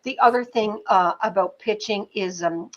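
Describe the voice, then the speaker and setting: Middle-aged woman, producer in interview, animated storyteller, chatty with fillers, mid pitch. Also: moderate pace, muffled recording, a little hiss or hum. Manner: animated storyteller, many fillers like "you know", occasional swearing. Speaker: film producer and pitching teacher. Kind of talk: conversational interview anecdotes.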